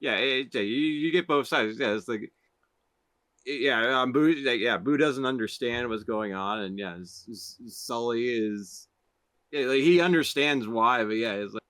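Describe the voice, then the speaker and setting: A young man speaks as a guest on a casual movie podcast. He picks his words haltingly and restarts often. His pitch is middle and the sound is close and dry. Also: a bit bright, clear, resonant tone, no echo. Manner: halting, many fillers and restarts. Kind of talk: casual movie review chat.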